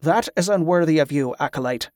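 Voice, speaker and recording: A man's voice: a little high, fairly even intonation, normal speed, no echo, natural voice. Man voicing a stern middle-aged male priest leader, commanding, curt, dry close sound. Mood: cold.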